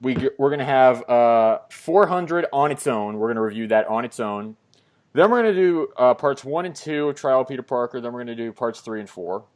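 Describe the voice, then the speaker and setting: A man's voice: mid-range voice, animated, fairly quick, darkish tone. Rambling, apologetic podcast co-host man. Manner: rambling, apologetic, many fillers. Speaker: comic review podcast co-host. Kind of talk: casual podcast talk.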